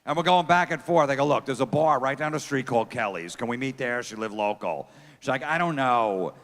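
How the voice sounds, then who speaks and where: Crude deadpan stand-up man in a theater. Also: mid-range voice, fairly quick. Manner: crude, deadpan, riffs with the crowd. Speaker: stand-up comedian. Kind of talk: stand-up comedy set. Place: theater stage. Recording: long theater reverb.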